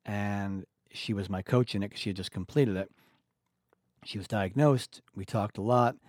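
A man's voice: on the low side, normal speed, no echo, studio quality. A man hosting a podcast, telling stories in casual conversation and acting out the people he quotes. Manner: animated storyteller who acts out quoted voices. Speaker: podcast host.

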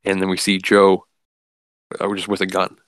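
A man's voice: low voice, completely flat delivery, normal speed, fairly bright tone, dry recording. A man casually recapping a comic book story, rambling with lots of "like" and restarts.

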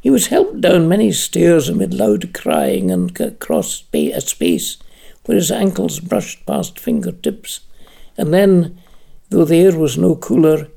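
Audiobook narrator, dark husky gravelly voice, lots of melody. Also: medium pitch. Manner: measured, expressive reading.

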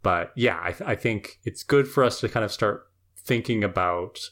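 A podcast co-host talking in a relaxed, thoughtful way, weighing ideas out loud with the odd filler. The pitch sits in the middle range. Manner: thoughtful, measured, uses fillers. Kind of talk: casual analytic chat.

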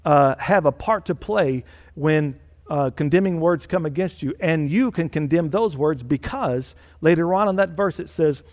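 A male senior pastor delivers a sermon with a fairly high voice, pressing his points home and repeating phrases for stress. His voice carries a long reverb, as if in a church hall. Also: normal speed, a little mellow.

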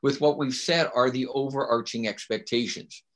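A man talks at normal speed in a medium-pitched, steady, slightly bright voice. He's a guest on a teaching podcast, speaking emphatically in a casual interview and frequently asking a rhetorical "right?".

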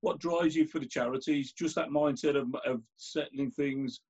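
Birmingham man as host, husky voice, chatty and halting, dull sound. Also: mid-range voice, steady tone, a little mellow. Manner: conversational, hesitant, restarts phrases. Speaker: host and chair. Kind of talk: hosting a conversation.

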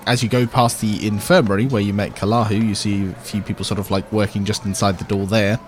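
A man's voice: lowish voice, fast talker. Brief: man, game master of a tabletop game, easygoing and meandering, faint background hiss. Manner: relaxed, meandering, many restarts.

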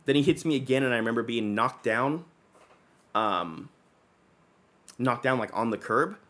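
A man's voice: medium pitch, expressive, normal speed, a bit bright. A young adult man telling a long personal story in casual chat, rambling with lots of fillers and swearing.

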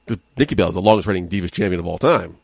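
A man's voice: low voice, racing, vocal fry, a little mellow, no room sound. A man co-hosting a podcast in casual chat, joking and reading quotes aloud. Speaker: podcast co-host.

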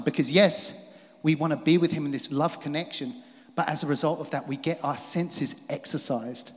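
A man preaching a sermon in a lively way, rising to emphatic peaks and dropping to quiet asides. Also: fairly high pitch, fairly quick. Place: church hall. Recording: long hall reverb.

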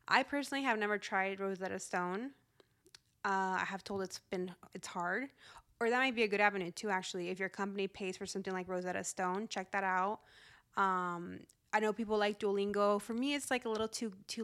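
A woman in her thirties hosts a solo podcast, chatting casually in an upbeat, mid-pitched voice and laughing easily along the way. Her tone is steady, clean, and a bit bright, and she speaks a little fast.

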